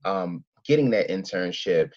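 A man's voice: low-pitched, animated, a little slow, a little mellow. A man, chatting as an interview guest and telling rambling stories full of acted-out quotes. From Philadelphia. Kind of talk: casual interview chat. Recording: dull lo-fi sound.

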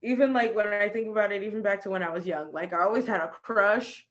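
A woman's voice: mid-range voice, fast, a bit bright, lo-fi sound. A young woman co-hosting a podcast, chatting casually, laughing often and swearing freely. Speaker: podcast co-host. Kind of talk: casual chat.

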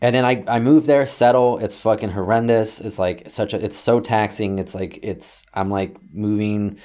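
A young man telling a story casually, swearing a lot and acting out shouted quotes. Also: fairly low pitch, normal speed. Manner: profane, animated, acts out yelling quotes.

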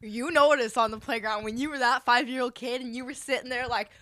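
A blunt young woman chats casually, swearing freely and acting out what other people say. Her voice is bright and forceful, a little high. The sound is dry and close to the mic. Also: fairly even intonation, fast, no echo. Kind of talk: casual chat.

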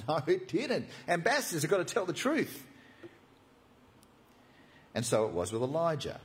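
A man preaching with a voice pitched a bit high that leaps and dips all the time. He tells the story in a jokey, animated way, acting out scenes as he goes. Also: moderate pace. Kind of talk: expository sermon.

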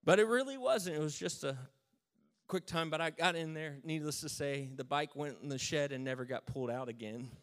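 A man's voice: a little high, fairly quick. A man in his thirties telling a humorous personal story, self-mocking and dry. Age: 30s. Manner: self-mocking, dry jokes, lively retelling.

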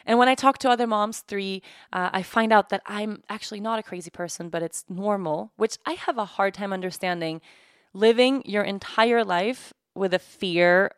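A woman in her thirties hosting a podcast, talking candidly and emotionally in a halting way, tired from sleepless nights. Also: medium pitch, clean tone, no room sound, studio quality. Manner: halting, emotional, many restarts and "like". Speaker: podcast host. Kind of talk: candid personal monologue.

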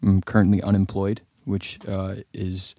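A man's voice: sits low, monotone, unhurried, dark tone, no room sound. A young man co-hosting a podcast, bantering casually and joking with a laugh. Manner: joking, playful, laughs often. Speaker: podcast co-host.

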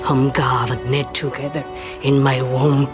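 A woman's voice: very deep voice, level tone, slow pace. An actress playing a defiant mother who banishes a demon, speaking fiercely and solemnly, at times in a whisper. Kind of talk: dramatic TV scene. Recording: film clip with loud music.

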